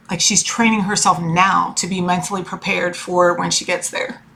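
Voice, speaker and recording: A woman's voice: on the low side, flat delivery, normal speed, vocal fry, fairly bright tone, a little hiss or hum. A woman in her forties talking about her family in a personal vlog, emotional and rambling, full of fillers and restarts. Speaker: tarot reader and life coach.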